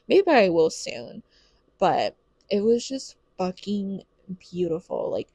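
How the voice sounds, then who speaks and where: A woman's voice: mid-range voice, big pitch swings, slow pace, mellow, dry recording. A young woman telling her birth story casually and candidly, swearing freely and saying "like" a lot.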